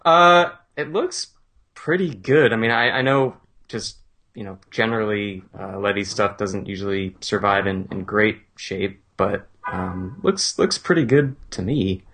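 A man's voice: fairly low pitch, a little slow, fairly bright tone, slightly rough, soft background music. A man co-hosting a podcast in casual chat, easygoing, often laughing and restarting his sentences. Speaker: podcast co-host.

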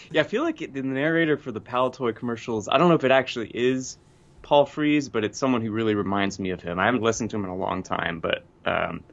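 A man's voice: medium pitch, quick pace, gravelly, highs cut off. A man co-hosting a podcast, easygoing and laughing often. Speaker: podcast co-host. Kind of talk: casual podcast chat.

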